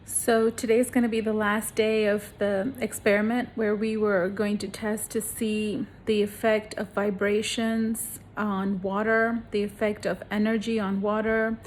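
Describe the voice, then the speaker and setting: A woman's voice: mid-range voice, a little slow, hardly any pauses, a little hiss or hum. A woman, casually talking to the camera in a home video and showing things close up. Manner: expressive, shows jars close to the camera. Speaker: parenting vlogger.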